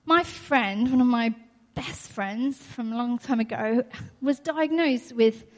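A woman's voice: a little high, slow pace. A woman preaching a sermon in an earnest way, repeating her key phrases and laughing often. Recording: long hall reverb.

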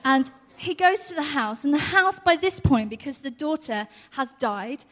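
A woman's voice: high-pitched, lively intonation, normal speed, a bit bright. A woman preaching a sermon in an earnest way, repeating her key phrases and laughing often. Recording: long hall reverb.

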